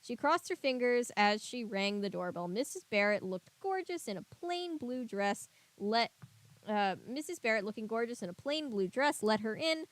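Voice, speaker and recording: A woman's voice: fairly high pitch, expressive, moderate pace, no echo. A woman reading a children's mystery novel aloud, lifting her voice for the characters' lines and breaking off for chatty, joking asides. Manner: reads dialogue brightly, chatty joking asides. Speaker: reader and commentator. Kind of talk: casual book read-aloud with asides.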